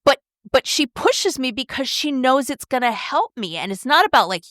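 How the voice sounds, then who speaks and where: A middle-aged woman co-hosting a podcast, talking in a candid, animated way and often asking "right?". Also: high-pitched, normal speed, dry recording, clean studio sound. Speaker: podcast co-host. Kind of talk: casual chat.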